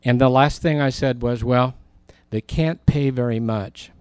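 A middle-aged man, a pastor, preaching a sermon and telling a story in an animated way, acting out the people he quotes. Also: medium pitch, measured pace, smooth, no echo.

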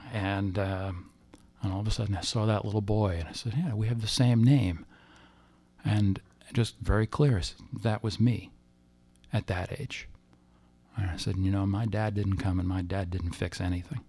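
Gravelly low-voiced man telling a personal story. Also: fairly even intonation, darkish tone, no room sound. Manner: halting and emotional, with frequent restarts. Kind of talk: personal testimony.

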